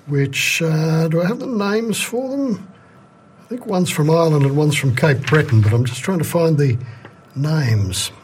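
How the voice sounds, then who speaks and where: A man's voice: a little high, slightly rough. A man hosting a radio music show, casually introducing songs and thinking aloud as he goes. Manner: relaxed, thinks aloud, unsure asides. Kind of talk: casual back-announcing between songs.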